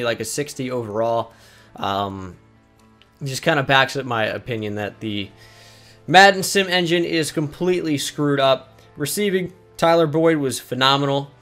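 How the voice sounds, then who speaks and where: A man's voice: a little high, fairly bright tone. Blunt, exasperated young man commenting on gameplay. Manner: blunt, exasperated, swears freely. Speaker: gaming YouTuber.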